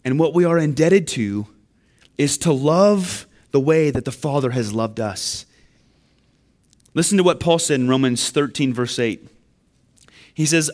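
A man's voice: on the high side, unhurried, pauses often, a little mellow. A man preaching a sermon, earnest and building to emphatic questions. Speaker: pastor.

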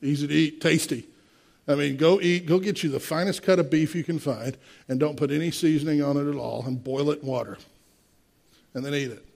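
A man's voice: a little high, brisk, creaky, a little mellow. A man in his sixties preaching a sermon, emphatic, with rhetorical questions and direct asides to the congregation. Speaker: pastor.

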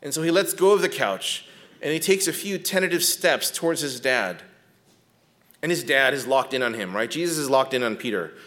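A man teaching biblical counseling in a conversational lecture, often checking in with his listeners and speaking gently when he talks about compassion. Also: medium pitch, lively intonation, normal speed. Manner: often checks in with a tag question "right?"; drops to a soft, gentle tone when describing compassion.

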